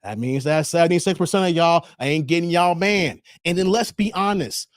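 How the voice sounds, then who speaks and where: A man hosting his channel, giving passionate, profane, lecturing commentary on a livestream, swinging between loud bursts and muttered asides. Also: on the high side, normal speed, no echo, studio quality. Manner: repeats the filler "here", swings between loud and quiet. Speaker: channel host reacting to a livestream.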